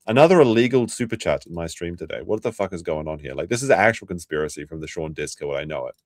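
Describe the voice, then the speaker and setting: A man streaming live, reacting to a video with sarcastic, animated commentary and some swearing. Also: deep voice, quick pace, dry recording, clean studio sound.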